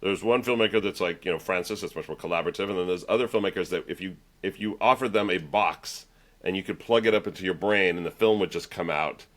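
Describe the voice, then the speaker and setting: A man interviewing a guest speaks quickly, in a low voice. He tells his own memories eagerly, often restarting a sentence before he finishes it. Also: a bit bright. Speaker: interviewer, user group host. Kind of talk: conversational interview.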